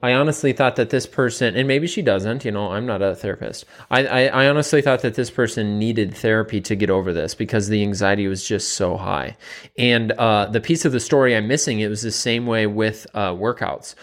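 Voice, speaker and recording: A man's voice: medium pitch, expressive, moderate pace. A man, a nutrition coach, telling a story in a casual monologue, rambling with many fillers and repeats.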